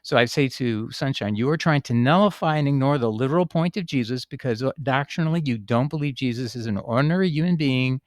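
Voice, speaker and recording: A man of middle pitch talks through a screen-shared passage and answers a viewer's objection. He is emphatic but rambling, and he restarts often. The sound is close and dry, with no room echo. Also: quick pace, few pauses. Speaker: Bible teacher answering a viewer. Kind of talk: casual screen-share teaching.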